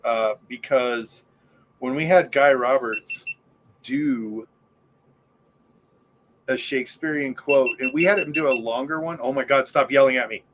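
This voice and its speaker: Rambling, enthusiastic podcast host. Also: male voice, medium pitch, measured pace, long pauses, a bit bright. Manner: rambling, enthusiastic, frequent fillers. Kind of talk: casual podcast chat.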